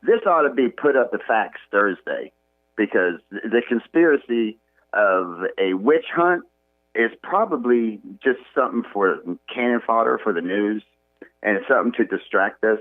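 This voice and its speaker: A man calling in to a radio talk show, speaking haltingly over a phone line. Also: lowish voice, lively intonation, no room sound. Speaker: caller. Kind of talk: call-in radio comment.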